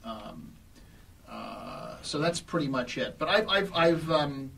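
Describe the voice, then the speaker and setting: A male comedian talking as an interview guest, halting and full of restarts and fillers, laughing often. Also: on the high side, wildly swooping pitch, gravelly, fairly bright tone, distant mic, a little hiss or hum. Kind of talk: casual interview chat.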